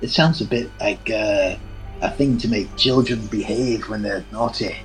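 A man's voice: lowish voice, unhurried, faint music behind, poor audio. A man voicing Zibby, a wry male adventurer who jokes dryly in a tabletop role-play. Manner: dry, teasing humor, skeptical.

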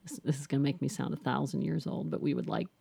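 A middle-aged woman with a low, mellow voice tells her own story as an interview guest. She speaks candidly and reflectively, circling back with restarts and "you know". The sound is dry and close. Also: fairly even intonation, quick pace, vocal fry, slightly rough, no echo.

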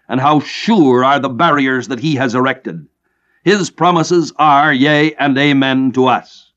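A man teaching scripture in a measured, emphatic way, slowing down to stress key phrases. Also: a little high. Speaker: preacher. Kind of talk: expository Bible teaching. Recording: dull lo-fi recording.

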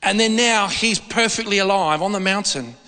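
With a high, bright, and forceful voice at normal speed, a male pastor rambles through his sermon, jumping into character whenever he quotes someone. Every phrase lingers in the long echo of a large hall.

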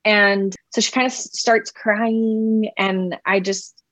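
A woman's voice: medium pitch, fairly even intonation, slow, fairly bright tone, no room sound. A woman in her thirties, a mother telling a personal parenting story in a conversational way, often saying "like" and "right?". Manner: conversational, heavy use of "like" and "right?". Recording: dull, slightly muffled sound.

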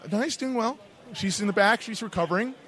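A man's voice: high voice, brisk, fairly bright tone. A man playing a wrestling manager who stammers and defends himself. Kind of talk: wrestling backstage interview.

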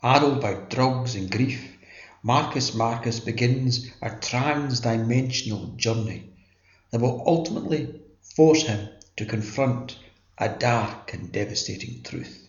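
Slow, dramatic male blurb announcer. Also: medium pitch, echoey room, lo-fi sound. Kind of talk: scripted narration.

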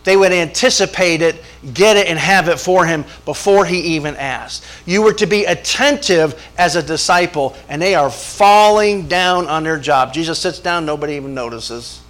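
A man's voice: on the high side, moderate pace, few pauses, a bit bright. Folksy preacher man. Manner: folksy storytelling, acts out voices, chuckles. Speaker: pastor. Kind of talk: sermon with jokes.

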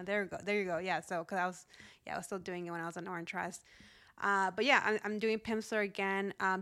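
A woman in her thirties talks casually on her solo podcast. Her pitch sits right in the middle, and she stays upbeat and chatty, laughing easily as she goes. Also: a bit bright. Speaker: podcast host.

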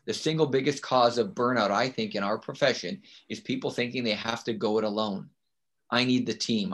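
Speaking as a guest on a teaching podcast, a man talks at medium pitch with a slightly bright tone. The conversation is a loose interview, and he delivers it emphatically, regularly asking "right?" without expecting an answer.

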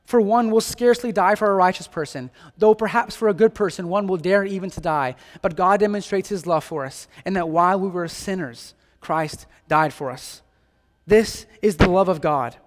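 A man with a high voice preaches a sermon in an earnest, emphatic way, repeating phrases and pressing rhetorical questions. His voice carries a long reverb, as if heard in a church hall. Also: fairly quick, hardly any pauses.

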